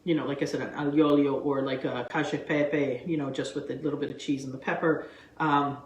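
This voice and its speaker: A woman hosting her own cooking show, chatting excitedly and wandering off on tangents, recorded in a kitchen. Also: very deep voice, brisk, a little hiss or hum. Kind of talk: casual cooking vlog chat. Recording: echoey kitchen room sound.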